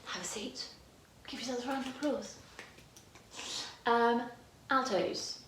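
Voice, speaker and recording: A woman's voice: a little high, takes it slowly, a bit bright, echoey room, a little hiss or hum. A woman choir director teaching parts by singing them, her voice tired today. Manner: demonstrates lines by singing, chatty and self-correcting. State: tired voice, using head voice.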